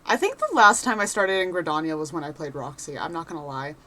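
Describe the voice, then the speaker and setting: A woman streaming a game, chatting casually and reading character lines aloud in a rough put-on voice. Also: low voice, lively intonation, fast, sharp tone.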